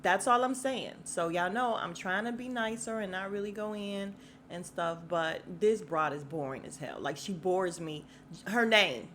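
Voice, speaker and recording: A woman's voice: medium pitch, moderate pace, a bit bright, slight background noise. A young woman from Chicago hosting a podcast, giving a blunt, sassy recap of a reality dating show and talking straight to her listeners. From Chicago, USA. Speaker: podcast host.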